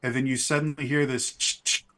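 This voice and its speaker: Man, game master, tabletop storytelling, halting, fillers, mid pitch. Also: little pitch movement, fairly bright tone. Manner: halting, with many fillers and restarts; dramatic storytelling.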